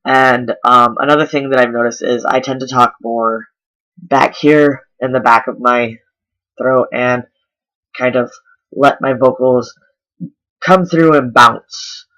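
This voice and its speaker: A man's voice: mid-range voice, steady tone, takes it slowly, sharp tone, poor audio. A man vlogging a casual voice tutorial, explaining step by step with lots of ums. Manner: chatty, filler-heavy explaining. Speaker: voice coach vlogger.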